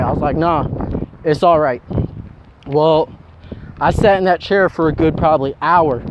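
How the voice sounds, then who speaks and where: A young man telling a personal story in a casual, rambling way, with many fillers. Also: on the high side. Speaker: vlogger. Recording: dull lo-fi sound with faint noise.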